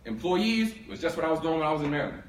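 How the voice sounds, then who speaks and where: Young guy from philly telling his story to a crowd, kinda high voice, lively, echoey room w faint hum. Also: racing. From Philadelphia. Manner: animated, acts out both sides of the story. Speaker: speaker giving a talk on income. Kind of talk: storytelling talk to a live audience. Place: room with an audience.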